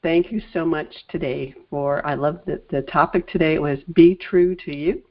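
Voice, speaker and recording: A woman's voice: low-pitched, fairly even intonation, highs cut off. A woman hosting an interview, affirming her guest and thanking her, talking through a sore throat. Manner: warm thanks, affirming, slightly halting. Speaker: podcast host. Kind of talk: casual interview chat.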